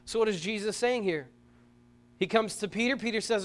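Preacher man, middle-aged, high voice, animated, emphatic, slow scripture reading. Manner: animated storytelling, emphatic bursts, reads scripture slowly. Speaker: pastor. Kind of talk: sermon.

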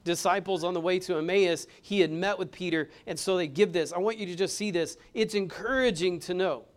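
A male pastor delivering a sermon, moving between hushed passages and loud, emphatic ones. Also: high-pitched, a little fast. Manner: dynamic preaching, swings from hushed to loud and emphatic. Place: church.

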